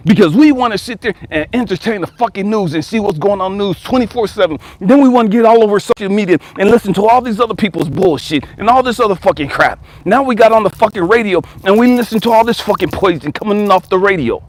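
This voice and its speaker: A man's voice: sits high, animated, quick pace, hardly any pauses. A man coaching viewers in a blunt, profane motivational rant, now and then mimicking whiny complainers. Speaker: life coach.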